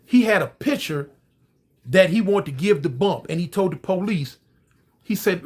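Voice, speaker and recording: A man's voice: high voice, animated, moderate pace, breathy edge. A man telling a story in a casual, conversational way, speaking directly to his listeners.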